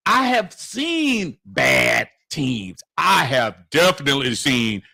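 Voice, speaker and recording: A man co-hosting a casual sports chat, joking with a drawn-out delivery. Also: mid-range voice, very animated, gravelly, sharp tone, dry recording, clean studio sound. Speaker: sports podcast co-host.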